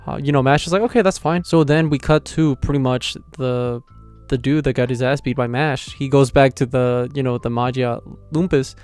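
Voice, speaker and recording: A young man excitedly recapping an anime episode in slangy, casual talk. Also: mid-range voice, moderate pace, clear, resonant tone, soft background music. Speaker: anime reviewer.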